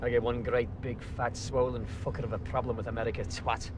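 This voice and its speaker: An actor playing a swaggering, foul-mouthed gangster, speaking inside a car. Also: male voice, mid-range voice, level tone, fast, background noise, close to an everyday voice. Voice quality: coarse, swearing constantly. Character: brash, swaggering, profane Liverpool gangster man. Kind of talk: film dialogue.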